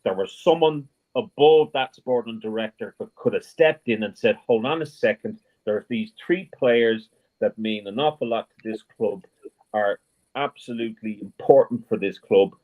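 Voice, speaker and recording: A man's voice: lowish voice, moderate pace, phone-quality sound. A man on a fan show arguing his point with passion and repeating it for emphasis. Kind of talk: casual live fan-show chat.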